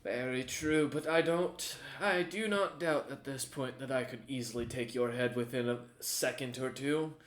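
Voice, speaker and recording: A man's voice: medium pitch, moderate pace, few pauses, fairly bright tone, natural voice. A man voicing a ruthless, greedy male warrior chief who talks in a mocking, menacing way, recorded in an echoey room.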